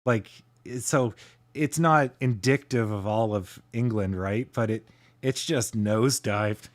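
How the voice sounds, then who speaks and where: A man from Canada hosting a casual livestream, chatting with his viewers in a relaxed way and chuckling often. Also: on the low side, measured pace. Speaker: livestream host.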